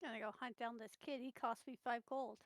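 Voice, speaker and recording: A woman's voice: a little high, steady tone, a little fast, dry recording, low-quality recording. A woman playing a tabletop game, chatting in a matter-of-fact, wry way. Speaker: player. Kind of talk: casual chat at a tabletop game.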